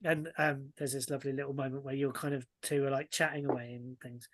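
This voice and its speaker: A woman narrating a tabletop game as game master, in a slow, ominous storytelling manner. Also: a bass voice, steady tone, no echo.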